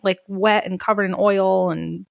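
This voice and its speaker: A woman co-hosting a podcast, recapping a movie plot in casual chat, full of "like" and quick asides. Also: mid-range voice, steady tone, gravelly, no echo, muffled recording. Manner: chatty, recaps plot with frequent "like" and laughs. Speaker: podcast co-host.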